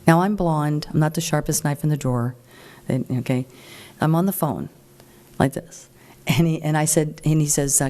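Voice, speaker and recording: A middle-aged woman addresses a meeting in a loose, plain-spoken storytelling style. Her voice sits low and mellow, and she jumps up to a higher voice for quoted lines. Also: fairly quick. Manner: chatty and animated, acts out quoted voices higher. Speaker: speaker at a political group meeting. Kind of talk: informal talk to an audience, storytelling.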